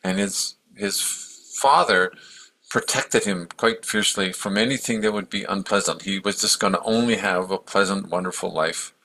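A man's voice: low voice, moderate pace, sharp tone, low-quality recording. A man giving a casual, rambling storytelling talk as a meditation teacher, with easy fillers and restarts.

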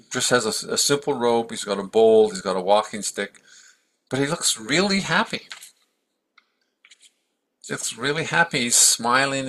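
A man's voice: medium pitch, vocal fry, bright, forceful tone, rough recording. A man giving a casual, rambling storytelling talk as a meditation teacher, with easy fillers and restarts.

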